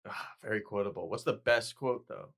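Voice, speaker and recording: A man's voice: on the low side, normal speed, fairly bright tone. A man co-hosting a podcast, chatting casually and laughing a lot as he acts out movie lines. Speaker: podcast co-host. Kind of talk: casual chat.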